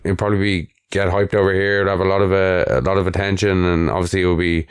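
A man as co-host of a podcast, speaking in a measured, hesitant way with many fillers. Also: sits low, steady tone, clean tone, no echo, studio quality. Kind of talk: casual chat.

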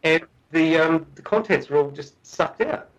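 A man's voice: a little high, measured pace, lo-fi sound. A middle-aged man, a guest researcher, telling a story in a podcast interview, earnest and often restarting and repeating his words. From Australia.

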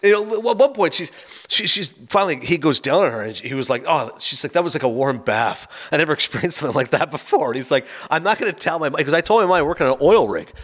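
Animated fast-talking man. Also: a little high. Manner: animated, acts out both characters' lines. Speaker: film reviewer. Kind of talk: casual retelling of a film.

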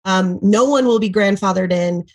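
A woman's voice: mid-range voice, normal speed, low-quality recording. A woman in her thirties, a podcast guest, tells an emotional story with lots of fillers and acted-out quotes. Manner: animated, acts out quotes, many fillers. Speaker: podcast guest, former MLM seller.

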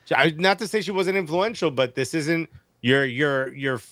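Animated joking man on a podcast. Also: fairly high pitch, moderate pace, no room sound. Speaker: podcast co-host. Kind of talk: casual sports podcast chat.

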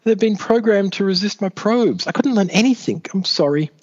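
A man voicing a frightened young female psychic superhero, pitched well above his own voice in a pleading tone. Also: animated, normal speed, darkish tone, natural voice. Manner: high, distressed pleading. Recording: dull lo-fi recording.

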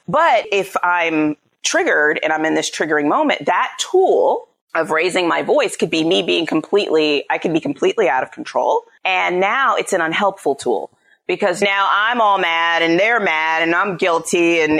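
A woman's voice: fairly low pitch, animated, normal speed, vocal fry, fairly bright tone. A woman psychologist and parenting coach explaining her ideas in a conversational interview, often checking in with "right?".

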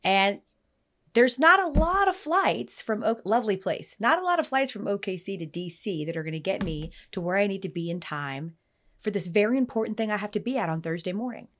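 A woman hosting a casual podcast, telling stories with lively energy and acting out the people in them. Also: mid-range voice, a little fast. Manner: animated storyteller, voices the people in her stories. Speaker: podcast host.

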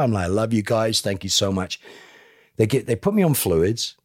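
A man, a podcast guest, telling a personal story in an animated way and acting out other people's lines. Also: mid-range voice, fairly quick, no room sound, studio quality. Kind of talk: emotional storytelling.

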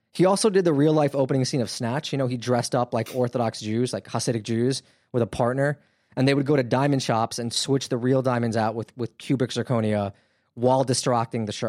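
A man narrates a true-crime story as a podcast host, chatty and animated with plenty of fillers. His voice sits in a middle pitch. The recording is dry and close. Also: dry recording. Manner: animated, conversational with frequent fillers. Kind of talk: casual storytelling.

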